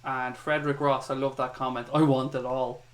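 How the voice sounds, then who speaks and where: A man hosting a fan chat livestream, chatty and relaxed, reading out viewer comments. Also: medium pitch, a little fast. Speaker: host of fan chat show.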